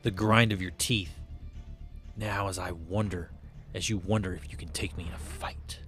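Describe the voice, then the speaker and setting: A man voicing a brooding, menacing blind male vigilante who speaks low and quietly. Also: steady tone, moderate pace, soft background music.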